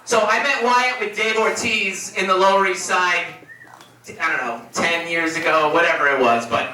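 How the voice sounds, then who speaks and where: A man giving a eulogy for his best friend, telling stories in a casual, animated way with laughs and swearing. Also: high-pitched, normal speed. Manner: animated, laughing storyteller who swears freely. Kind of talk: memorial speech, casual storytelling. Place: room at a memorial gathering. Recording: echoey room, distant mic, crowd.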